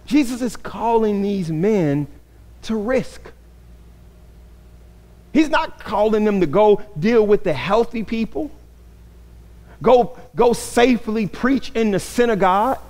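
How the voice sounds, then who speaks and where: A man's voice: sits high, lively intonation, slow, pauses often, a little mellow. A man preaching a sermon as pastor, earnest and repeating phrases for emphasis. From grew up in an inner-city neighborhood.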